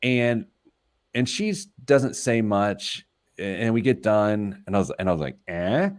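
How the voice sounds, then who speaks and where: A man's voice: lowish voice, measured pace, smooth. A man hosting a radio talk show, telling stories about himself in a casual, self-mocking way. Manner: self-deprecating storyteller, laughs at himself. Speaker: radio show host, financial planner.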